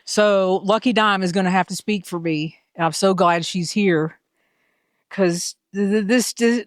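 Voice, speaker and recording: A woman's voice: mid-range voice, unhurried, no room sound, studio quality. A woman with a Southern US accent vlogging casually from a mountain summit, chatty and self-deprecating, filmed on a handheld phone. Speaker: hiker and vlogger. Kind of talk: casual trail vlog.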